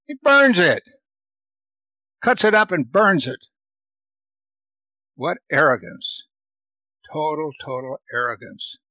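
A man's voice: big pitch swings, slow, long pauses, dry recording, rough recording. A man teaching verse by verse through a Bible passage, reading the verses aloud with force and then commenting, repeating words for emphasis. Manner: reads scripture aloud louder and higher, then comments.

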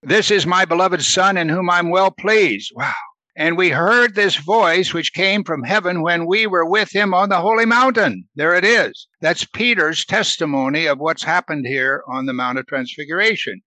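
A man teaching a Bible study in a conversational way, asking questions and answering them himself, reading verses slowly and then explaining them. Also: high voice, sharp tone, no room sound. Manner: reads scripture slowly, then explains it casually.

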